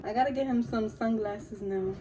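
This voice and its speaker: A woman's voice: fairly high pitch, normal speed, warm tone, a little hiss or hum, poor audio. A young adult woman vlogger in casual chat at home, gushing and slangy as she talks straight to her viewers.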